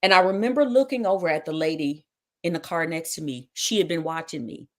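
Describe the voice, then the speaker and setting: Lowish-voiced woman telling a dramatic story. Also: fairly quick. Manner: dramatic retelling with quoted dialogue. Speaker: talk show host. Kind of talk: personal testimony storytelling.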